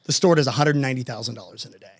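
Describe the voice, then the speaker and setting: A man's voice: mid-range voice, very fast, no room sound. A man telling a story as a podcast guest, casual and slangy, acting out both sides of conversations.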